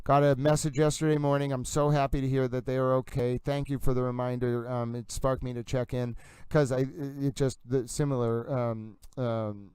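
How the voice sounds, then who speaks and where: Smooth theatrical man hosting a livestream. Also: medium pitch, flat delivery, moderate pace, darkish tone, dry recording, low-quality recording. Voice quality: playful, theatrical, calls himself towel. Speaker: livestream host. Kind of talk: live-stream chat reading comments.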